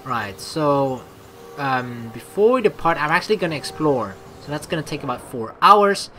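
A woman's voice: low-pitched, animated, normal speed, fairly bright tone, slight background noise. A woman doing a casual let's play commentary, reading game text aloud and joking and swearing as she goes. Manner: chatty, swears and laughs at own jokes.

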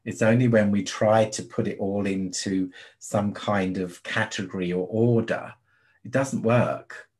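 A man from the UK speaks as an interview guest in a very deep voice. He talks softly and soothingly and keeps adding "you see". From United Kingdom. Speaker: guest, spirit medium. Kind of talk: casual interview chat.

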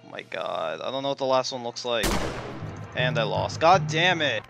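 Swearing, excitable young gaming host. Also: male voice, medium pitch, moderate pace, creaky, over music. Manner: profane, excitable, rambling. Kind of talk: let's play commentary.

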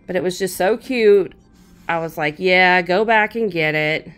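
A woman's voice: on the low side, unhurried, a bit bright, smooth, soft background music. A woman, chatting fondly as she shows off her shopping haul and talks to her cat. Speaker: crafting channel host. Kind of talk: casual haul show-and-tell.

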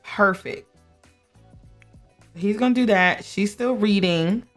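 A woman's voice: medium pitch, slow. A young woman keeps up a chatty commentary as she plays, coaxing her characters along and laughing easily. Her voice sits in a middle range, with light game music faintly under it. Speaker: gameplay streamer. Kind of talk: casual gameplay commentary.

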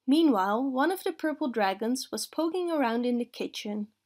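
A woman reading a children's picture book aloud in a slow, clear, expressive way. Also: high-pitched. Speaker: storyteller.

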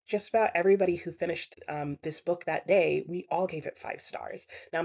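A woman's voice: medium pitch, darkish tone. A woman in casual chat to camera, reviewing books she has read in a frank, chatty way with frequent laughs. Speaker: book reviewer.

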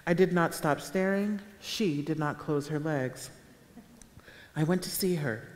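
A woman author reading her own fiction aloud at a public event, with a measured, deadpan delivery. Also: low-pitched. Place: town hall auditorium with a live audience. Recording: echoey live hall sound.

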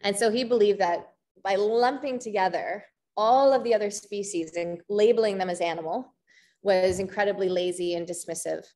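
A Canadian woman in her thirties giving an artist talk, pausing often with ums and restarts. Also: medium pitch, mellow. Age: 30s. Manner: hesitant, frequent ums and restarts. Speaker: visual artist.

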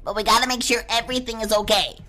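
A woman's voice: a little high, steady tone, fast, sharp tone. A young woman commentating a horror game as she plays, panicking and repeating words in a rush when scared. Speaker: gamer.

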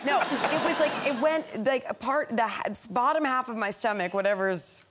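A woman's voice: fairly high pitch, normal speed, a bit bright. A woman guest on a chat show, telling rambling stories and laughing often. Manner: giggly, rambling storyteller.

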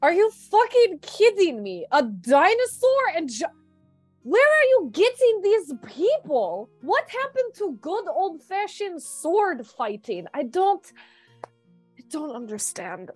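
A woman's voice: extremely high pitch, big pitch swings, slow pace, a little mellow, dry recording, faint music behind, pitched above the performer's own voice, full character voice. A woman voicing an exasperated, big, strong human warrior woman who speaks in an indignant, incredulous outburst.

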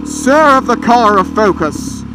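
A man voicing a pompous, old-fashioned gentleman, talking grandly while riding a motorbike outdoors on a helmet camera mic. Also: very high voice, big pitch swings, measured pace, noisy background, voice pushed up, full character voice. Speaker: motorcycle vlogger. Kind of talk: comic character monologue. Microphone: helmet-mounted action camera mic.

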